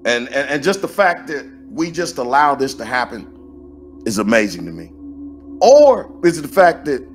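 A man hosts a conspiracy podcast in a loose, colloquial voice that sits at an ordinary middle pitch. He is emphatic and keeps firing questions and exclamations at himself. Faint music plays quietly behind him. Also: big pitch swings, moderate pace. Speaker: podcast host. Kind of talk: animated conspiracy commentary.

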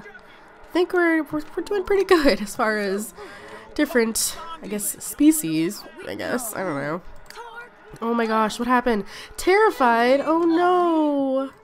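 A woman's voice: a little high, very animated, unhurried. A woman hosting a casual let's-play video, chatty and often exclaiming as she talks to her game characters. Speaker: gaming video host.

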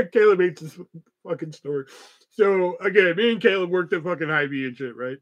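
A man's voice: high voice, lively intonation, normal speed, dull audio. A young man hosting a podcast, telling a story in a loose, profane, rambling way full of fillers. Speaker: podcast host. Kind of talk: casual storytelling.

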